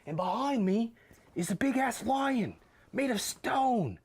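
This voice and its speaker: Man doing a fake Australian wildlife presenter, high voice, slow drawl, lively swoops. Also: slightly rough, exaggerated voice. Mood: goofy. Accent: put-on Australian. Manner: slow, exclaiming, laughs between lines. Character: boisterous male wildlife presenter, Aussie-style impression.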